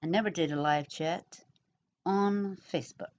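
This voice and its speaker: A middle-aged woman talks through viewers' comments in a slow, rambling, casual way, pausing often and leaning on fillers. Her voice sits a little low for a woman. The recording sounds slightly dull and lo-fi. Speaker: YouTuber answering comments. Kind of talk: casual chat.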